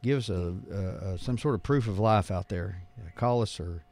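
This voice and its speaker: Male radio host, low voice, loose joking storyteller. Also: normal speed, gravelly, a little mellow. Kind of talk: casual call-in radio chat. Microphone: studio microphone.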